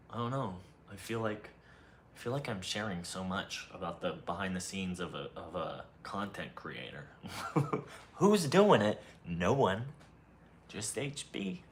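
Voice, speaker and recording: A young man hosting a solo podcast, talking softly and casually in a low-key, self-mocking way. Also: expressive, takes it slowly, pauses often, slight background noise. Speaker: podcast host.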